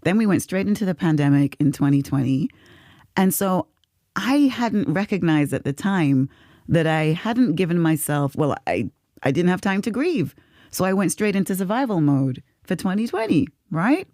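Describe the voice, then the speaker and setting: A woman co-hosting a podcast, telling a personal story in casual chat, expressive and quick to laugh. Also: on the low side, dry recording, studio quality. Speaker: podcast co-host.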